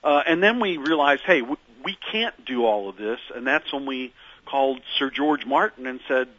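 A man's voice: mid-range voice, expressive, normal speed, a bit bright, highs cut off. A man being interviewed as a musician guest, telling stories in a meandering way with many fillers and restarts. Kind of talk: reflective radio interview storytelling.

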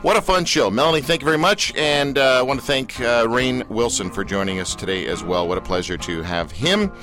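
A man's voice: mid-range voice, brisk, music in the background. A man hosting a radio show in a studio, talking in a jokey, rambling, self-mocking way. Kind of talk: casual radio chat.

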